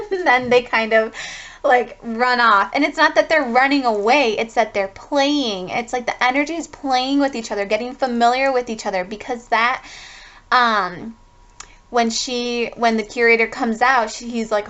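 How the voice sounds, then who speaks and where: Female tarot reader, higher pitch, loose profane rambling delivery, dull lo-fi recording. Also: normal speed, fairly bright tone. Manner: rambling, full of "like", swears casually. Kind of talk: casual spiritual reading.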